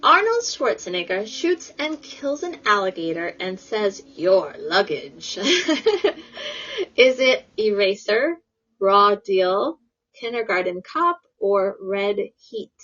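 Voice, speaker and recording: A woman's voice: mid-range voice, very animated, measured pace, a bit bright. Upbeat giggly woman hosting a podcast. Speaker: podcast host. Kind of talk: casual interview chat. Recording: lo-fi dull audio.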